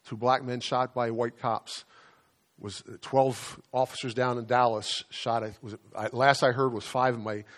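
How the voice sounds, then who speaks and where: A man preaching a sermon as pastor, in a conversational way, often repeating words and slowing down to stress key phrases. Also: medium pitch.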